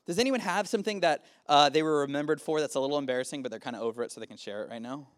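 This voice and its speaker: A man's voice: a little high, very fast. A man in his early thirties preaching casually to a youth group, often asking the room questions. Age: 30s. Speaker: youth pastor. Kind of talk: youth sermon.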